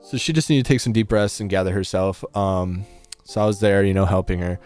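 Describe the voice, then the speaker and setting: A man's voice: low-pitched, brisk, a little mellow. A young man with a Midwestern American accent casually retelling a story as a vlogger, rambling with many restarts and "like"s. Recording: faint music underneath.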